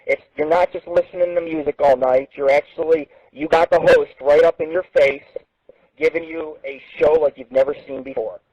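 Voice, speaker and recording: A man's voice: fairly high pitch, fairly even intonation, normal speed, a little mellow, no echo, dull audio. A man hosting an internet radio show, talking in a rambling, self-promoting showman patter. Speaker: radio host. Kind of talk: casual internet radio talk.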